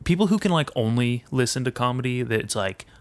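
A man delivers a rambling podcast monologue full of swearing and self-mockery. The pitch sits in an ordinary middle range. The sound is dry and close, with no room around it. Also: lively intonation, a little fast, no echo. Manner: ranting, heavy swearing, self-deprecating asides. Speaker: podcast host and aspiring comedian.

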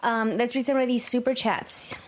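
A woman's voice: a little high, steady tone, normal speed. A woman co-hosting a podcast, reading viewer messages aloud and laughing often. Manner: upbeat, laughs often while reading names. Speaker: podcast co-host reading super chats. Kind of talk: casual chat.

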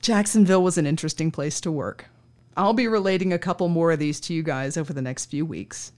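A woman's voice: low-pitched, fast, darkish tone. A woman podcast host telling a true-crime anecdote in a wry, conversational way, acting out the dialogue.

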